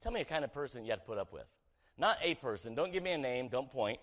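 A pastor with a medium-pitched, animated voice preaches a sermon at a quick pace, chatting with the congregation and asking them questions. He swings between loud, emphatic lines and hushed ones.

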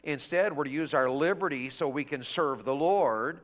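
A man preaching a revival sermon in a church, telling a homey story and building to loud, fervent exhortation. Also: on the high side, moderate pace. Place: church sanctuary. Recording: dull lo-fi church audio.

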